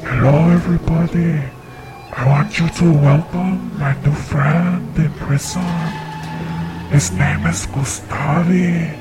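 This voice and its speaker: Man, comedic host, playful, fairly high voice, slow, music behind. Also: steady tone. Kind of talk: comedic call-in show.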